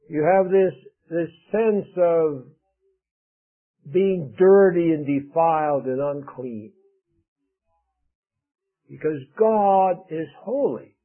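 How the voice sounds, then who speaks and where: A man preaching a sermon in an earnest way, with emphatic rises and quiet drops. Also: high-pitched, takes it slowly. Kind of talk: radio sermon. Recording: narrow phone-like radio broadcast.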